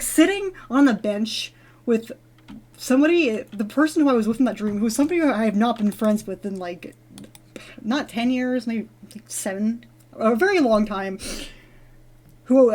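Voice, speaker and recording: While playing a game, a woman vlogger with a high-leaning, darkish voice spins a lengthy, rambling tale at normal speed, animated and giggly, restarting often and filling gaps with fillers.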